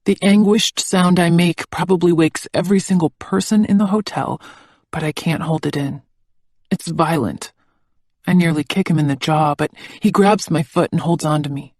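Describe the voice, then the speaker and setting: A woman's voice: on the low side, moderate pace, darkish tone, dry recording. Woman narrating intimately in a dry booth. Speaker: audiobook narrator. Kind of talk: first-person scripted narration.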